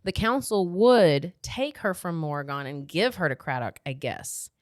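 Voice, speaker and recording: A woman's voice: fairly low pitch, big pitch swings, measured pace, dry recording, clean studio sound. A woman co-hosting a comedic podcast, wryly summarizing a romance novel with loose asides. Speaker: podcast co-host. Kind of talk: casual comedic book-club chat.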